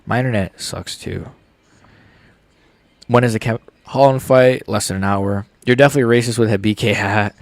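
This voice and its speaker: A young man with hiccups chatting casually on a live stream, reading viewers' messages aloud in relaxed slangy banter. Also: fairly low pitch, moderate pace, gravelly, no room sound. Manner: reads chat aloud, laid-back slangy banter. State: has the hiccups. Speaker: streamer reacting live to fights.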